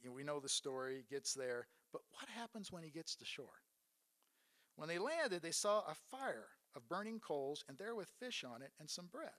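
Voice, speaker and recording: Earnest male preacher with a slightly higher voice, retelling scripture and posing questions to the congregation. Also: big pitch swings, normal speed, fairly bright tone. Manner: earnest, asks rhetorical questions. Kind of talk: sermon retelling Bible stories.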